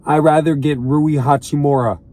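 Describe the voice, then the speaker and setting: A man's voice: on the high side, steady tone, moderate pace, warm tone. A young man ranting to camera from inside a car, exasperated and repeating his points with heavy emphasis. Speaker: vlogger and sports fan.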